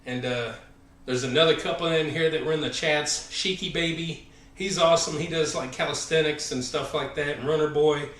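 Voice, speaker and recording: A slightly high-voiced Southern man in his forties talks loosely between lifts, filling pauses with "uh" and catching his breath. He sits well back from the microphone. The sound bounces around an echoey home gym. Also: steady tone. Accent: Southern American. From American South. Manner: rambling, filler-heavy, friendly shout-outs. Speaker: fitness channel host. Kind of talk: casual live-stream chat between workout sets. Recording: echoey room, voice far from the mic.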